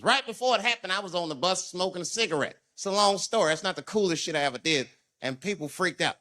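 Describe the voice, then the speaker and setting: A man's voice: sits high, animated, quick pace, bright, forceful tone. A male stand-up comedian telling a long profane story, acting out the voices of people in it. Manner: profane and conversational.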